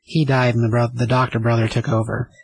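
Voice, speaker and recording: A man in casual chat, explaining comic backstory in a steady, matter-of-fact way. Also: medium pitch, fairly quick, vocal fry, husky.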